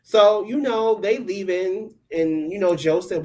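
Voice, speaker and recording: A woman co-hosting a casual recap podcast, telling the story in a lively, animated way and acting out what the cast said. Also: medium pitch, a little slow, background noise. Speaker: podcast co-host.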